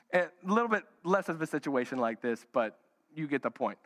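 A man's voice: fairly high pitch, lively intonation, brisk, fairly bright tone, long reverb tail. A man preaching a sermon with humor, acting out Bible characters in playful voices. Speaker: pastor. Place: church hall.

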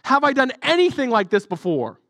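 A loyal talking donkey pleading its case with indignant questions, put on by a preacher. The voice sits high and close, with a dry sound. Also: male voice, very animated, a little fast, fairly bright tone, no echo, heavily acted.

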